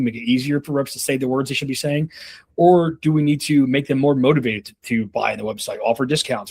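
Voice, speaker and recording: A man's voice: medium pitch, a little mellow, breathy edge. A man in his thirties coaching on a call, casual and rambling, with many fillers and restarts. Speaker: sales leadership coach.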